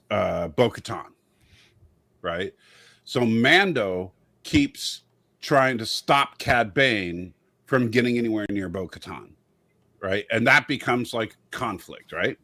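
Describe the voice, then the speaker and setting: Guy with a lowish voice pitching ideas, lots of ums and rights. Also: animated, takes it slowly, sharp tone. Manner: enthusiastic, thinking aloud with many fillers. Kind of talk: casual discussion.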